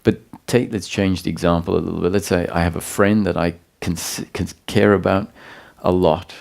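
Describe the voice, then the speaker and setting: This is a satsang talk by a spiritual teacher whose voice is deep and gravelly. Calm and explanatory, he moves slowly, stopping and beginning again as he looks for the right phrasing.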